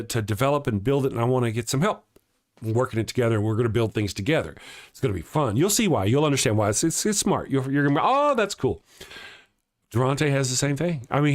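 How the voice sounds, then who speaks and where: A middle-aged man hosting a casual livestream morning show, chatting, joking and greeting viewers, laughing often and restarting his words. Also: medium pitch. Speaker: host of a live morning show. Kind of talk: casual livestream chat reading viewer comments.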